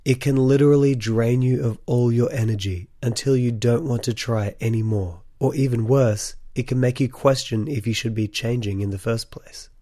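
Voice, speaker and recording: A man's voice: medium pitch, normal speed, few pauses, mellow, dry recording, clean studio sound. A man hosting a solo podcast, speaking earnestly and encouragingly to his listeners in a voice still sick from a cold. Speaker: podcast host.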